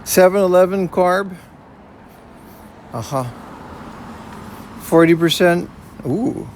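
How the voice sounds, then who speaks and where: Speaking slowly in a high-pitched, slightly mellow voice, a man streams live while strolling city streets, and a little hiss or hum is audible. He's an IRL streamer with a portable rig who reads out his chat and answers it in a laid-back way, often saying "man" and "you know."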